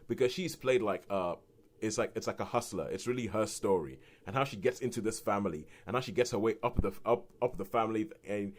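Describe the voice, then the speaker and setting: A British man co-hosting a podcast, reviewing films in a rambling, animated way with restarts and laughs. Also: fairly low pitch. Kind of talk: casual film review chat.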